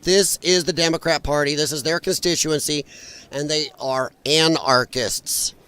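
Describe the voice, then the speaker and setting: A man's voice: fairly high pitch, steady tone, measured pace, pushed and bright, clean tone. A man hosting a live stream, commenting on protest footage in a blunt, mocking and profane way, rambling with frequent restarts. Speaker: livestream commentator.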